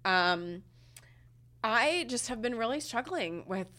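A woman in her thirties co-hosting a parenting podcast, talking in a halting, emotional way with many fillers, close to tears. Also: a little high, lively intonation, bright, forceful tone. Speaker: podcast co-host. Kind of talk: casual podcast chat.

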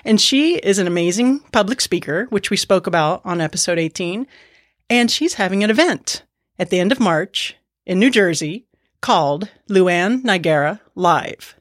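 A woman's voice: medium pitch, animated, normal speed, dry recording, clean studio sound. A woman co-hosting a podcast, chatting casually and enthusiastically and giggling easily. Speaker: podcast co-host.

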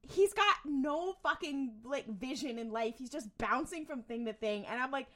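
High, bright-voiced woman gushing in chat. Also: normal speed. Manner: animated, swears a lot, acts out characters, laughs often. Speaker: podcast co-host. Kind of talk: casual chat.

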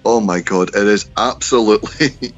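A man's voice: on the low side, moderate pace, faint music behind. A man co-hosting a casual wrestling podcast, recapping events in a wry, storytelling way. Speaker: podcast co-host. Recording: dull, lo-fi remote call.

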